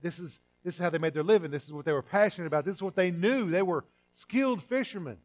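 A middle-aged man preaching a sermon as pastor, in a conversational way with restarts and repeated words, swinging between loud emphatic lines and quiet drawn-out phrases. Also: sits high.

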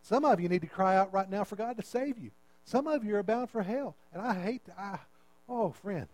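A man's voice: high voice, moderate pace, darkish tone. A male pastor preaching an impassioned sermon into a handheld microphone in a church, pleading with his listeners. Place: church sanctuary.

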